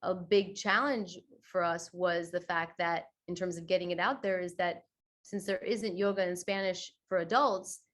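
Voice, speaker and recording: Woman, yoga teacher guest, podcast interview, expressive, chatty, filler words. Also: normal speed. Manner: expressive, acts out quoted voices with big pitch swings; chatty, many fillers like "you know" and "right".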